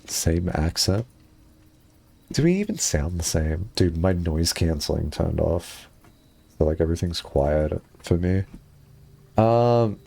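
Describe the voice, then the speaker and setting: A man chatting casually on a live stream, rambling and laughing often, jumping up high when excited, on a headset mic. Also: a little slow, creaky, faint music behind.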